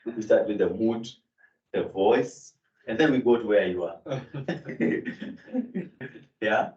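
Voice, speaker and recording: Low-voiced man lecturing in an echoey room. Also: moderate pace, darkish tone. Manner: explanatory, with fillers and self-corrections. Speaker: Greek lecturer. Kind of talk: classroom lecture. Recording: echoey room, distant mic, dull sound.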